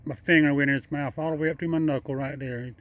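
A man outdoors at night keeps up a loose, repetitive running commentary, coaxing and chuckling as he goes. His voice sits a little higher than most men's, and his speech is plain and nonstandard. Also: fairly even intonation, quick pace, phone-quality sound. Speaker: vlogger feeding a wild raccoon. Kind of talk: casual running commentary to camera and animal.

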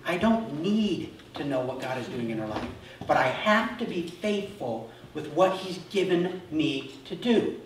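A middle-aged male pastor preaching a sermon, telling self-deprecating stories in an animated way. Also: fairly high pitch, measured pace, a little hiss or hum. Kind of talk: sermon with humorous personal stories. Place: church sanctuary. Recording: echoey hall, mic from far off.

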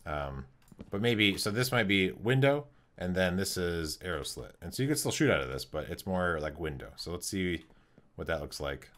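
Deep-voiced guy streaming a block game, mumbling through his build, lots of ums, keyboard clicks. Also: expressive, a bit bright. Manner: thinking aloud, halting with many ums. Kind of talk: casual live-stream commentary while building.

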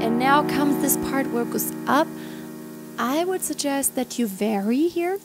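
A young woman teaching how to sing a pop ballad, speaking in a relaxed coaching manner and breaking into sung phrases to show the technique. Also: sits high, unhurried. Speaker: singing teacher. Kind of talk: vocal lesson with sung demonstrations. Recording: loud instrumental music behind.

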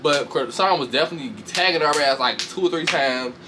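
A man casually recapping a reality show fight with lots of swearing, laughter, and sudden high mocking voices. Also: a little fast, noisy background. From Chicago. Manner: animated, profane, laughs often, shifts into high mocking voices. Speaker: commentator reacting to a reality show. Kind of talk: casual chat.

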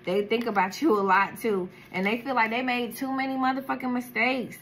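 A woman's voice: on the high side, steady tone, brisk, fairly bright tone, slight background noise. Blunt, profane woman reading tarot. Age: adult, has a daughter. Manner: blunt, profane, street slang. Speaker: tarot card reader.

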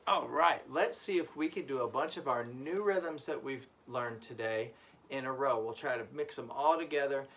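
A man teaching a children's music lesson, encouraging the class and chanting rhythm syllables. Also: medium pitch. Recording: loud background noise.

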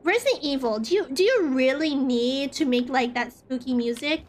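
Rambling, jumpy high-voiced woman streamer. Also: lively intonation, normal speed, darkish tone. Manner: rambling, nervous, swears often, frequent "like". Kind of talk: casual gameplay commentary.

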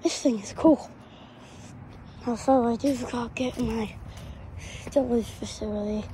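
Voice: mid-range voice, steady tone, a little slow, mellow, a little hiss or hum, rough recording. A performer voicing a grumpy young loner who tinkers with drones, talking through a voice changer in a British accent with a lisp, half-whispering and grumbling to himself. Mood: surprised. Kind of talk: muttered solo role-play. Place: outdoors in woods.

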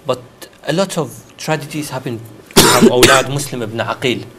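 Measured male talk show host. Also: medium pitch, very noisy. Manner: measured, with hesitant fillers. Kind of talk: hosting a religious talk show.

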